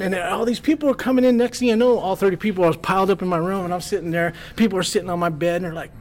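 A man with a slightly raised voice tells a crude party story in loose, casual chat. He swears freely and slips into quick impressions of the people in it, keeping the energy animated throughout. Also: high voice. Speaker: podcast guest.

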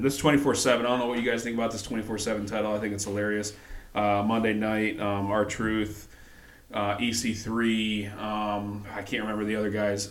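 A man with a fairly low voice recapping wrestling in a casual chat. He talks hesitantly, with lots of ums and restarts, and the sound is echoey, as if recorded in a bare room. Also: fairly bright tone. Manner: hesitant, many fillers and restarts. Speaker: podcast co-host.

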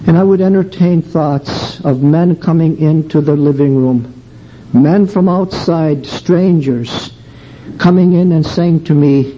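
An older man giving an earnest, emotional sermon testimony, telling a story slowly. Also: a little high, warm tone. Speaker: preacher. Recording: dull lo-fi recording with faint background noise.

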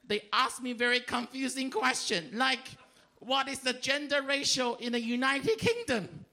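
Animated high-voiced male stand-up comic. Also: normal speed. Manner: animated, shouts punchlines, drops to a mock whisper. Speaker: stand-up comedian. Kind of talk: stand-up routine. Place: comedy club stage.

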